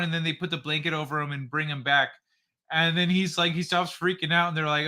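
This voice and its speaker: A man's voice: a little high, steady tone, moderate pace, bright, forceful tone. A man hosting a casual livestream, reading chat aloud in a loose, profane way and laughing often. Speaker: livestream host.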